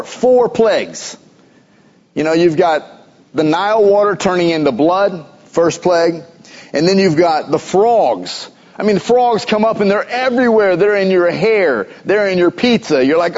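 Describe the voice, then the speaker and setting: A pastor giving a sermon in a conversational, playful preaching manner, recorded in a church sanctuary. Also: male voice, sits high, animated, normal speed, a little mellow. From United States. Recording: dull lo-fi church recording with long reverb.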